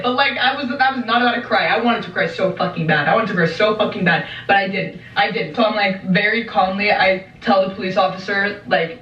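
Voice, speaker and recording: A woman's voice: medium pitch, quick pace, few pauses, a bit bright. A young woman telling a dramatic story vlog-style, swearing a lot and mimicking the voices of others. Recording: roomy, distant, dull lo-fi sound.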